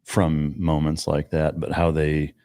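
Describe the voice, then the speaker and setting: Very deep-voiced man, dry close sound. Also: flat delivery, dark tone, dry recording. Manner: casual, halting, lots of fillers.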